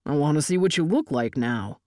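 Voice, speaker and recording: A woman reading an audiobook voices a large, forceful young man who is insistent and possessive. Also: low-pitched, animated, fairly quick, no echo, clean studio sound. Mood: pressing.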